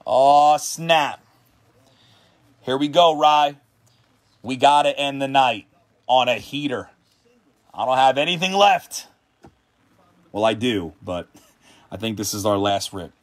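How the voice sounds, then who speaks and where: A man hosting a card-opening livestream, talking at a slow, drawn-out pace as he reads off player names. His commentary is casual and excitable, swinging up into shouts when a big card turns up. He sounds worn out and hungry late in a long session. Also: medium pitch. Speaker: host of a card-breaking livestream.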